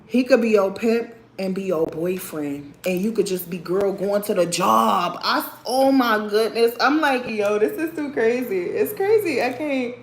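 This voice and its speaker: A woman's voice: medium pitch, expressive, measured pace, few pauses. A young woman hosting a casual livestream chat. She talks bluntly and with sass, often calls her viewers sir or girl, and laughs a lot. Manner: laughs often while talking. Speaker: livestream host. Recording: roomy echo.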